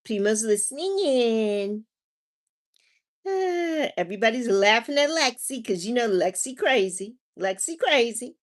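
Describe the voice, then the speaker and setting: A middle-aged woman chats casually on her livestream, reading comments out loud and laughing often. Her voice sits a little higher than most women's. She talks loosely and lively. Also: a little slow. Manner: animated, laughs often, reads chat aloud. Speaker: livestream host reading chat.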